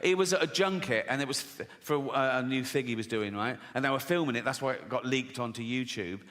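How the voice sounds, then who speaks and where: A man's voice: medium pitch, fairly quick, fairly bright tone. A British man doing stand-up comedy, brash and profane, often chuckling at his own jokes. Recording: long hall reverb, faint noise.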